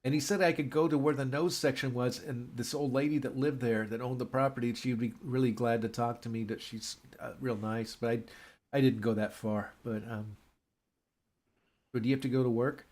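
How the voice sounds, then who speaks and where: A man's voice: mid-range voice, fairly even intonation, normal speed, a little mellow. A man in casual chat, rambling through a script recap and acting out characters' lines.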